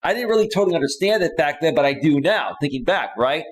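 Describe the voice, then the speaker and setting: A male dating coach talks through a live stream, reading viewers' chat comments aloud and answering them in an emphatic, conversational way. His voice sits a bit higher than most men's. He keeps checking in with "right?" as he makes his points. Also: sing-song, quick pace. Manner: emphatic, repeats "right?" often.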